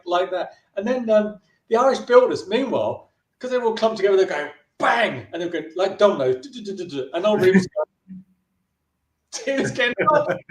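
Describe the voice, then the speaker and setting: High-voiced man telling a chatty story. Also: echoey room. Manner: chatty, with frequent restarts and brief put-on voices for the people in his stories. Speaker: filmmaker interviewee. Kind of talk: anecdotal storytelling in a casual interview.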